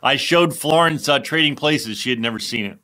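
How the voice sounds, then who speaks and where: A man co-hosting a podcast in casual chat, quick and chatty. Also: medium pitch, bright, forceful tone. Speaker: podcast co-host.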